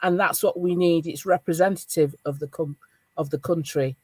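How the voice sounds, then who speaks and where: A middle-aged woman with a Northern English accent hosting a podcast roundtable over a video call, chatting in a casual, animated way. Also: fairly low pitch, normal speed, breathy edge, no echo. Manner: animated, laughing, encouraging. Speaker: podcast host.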